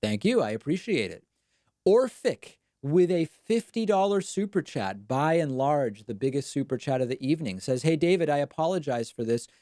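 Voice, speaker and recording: A man's voice: fairly high pitch, a little mellow, no echo, studio quality. Wry man hosting a live stream. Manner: casual, quick and wry, self-deprecating asides. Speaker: show host. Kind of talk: live-stream political commentary and reading viewer chats.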